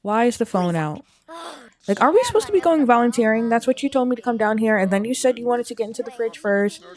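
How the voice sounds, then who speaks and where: A woman's voice: on the high side, expressive, quick pace, close to an everyday voice. A woman voicing a nagging strict mother in a life-sim game. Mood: exasperated. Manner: scolding, exasperated questions.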